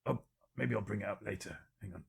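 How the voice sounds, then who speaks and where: A man hosting a live-stream guessing game, reading out viewers' guesses one by one with dry, deadpan jokes. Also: on the low side, quick pace, vocal fry, slightly rough. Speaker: livestream quiz host.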